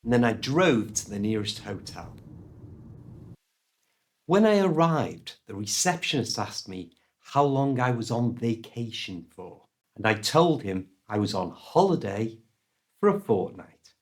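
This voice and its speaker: A British man telling a story as an English lesson, slow and deliberate, his voice rising and falling a lot. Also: mid-range voice. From United Kingdom. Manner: slow, deliberate delivery with lively ups and downs. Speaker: English teacher.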